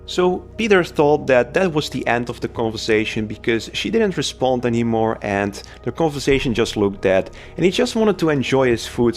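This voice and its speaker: A man casually narrating a storytime video in a loose, chatty way with everyday fillers. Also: mid-range voice. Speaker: storytime YouTuber.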